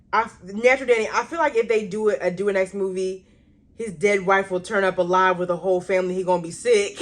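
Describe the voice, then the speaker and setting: A woman's voice: mid-range voice, fairly even intonation, fast. A young woman hosting a casual movie chat, reacting to viewer comments with laughter and exclamations. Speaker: radio host reviewing movies.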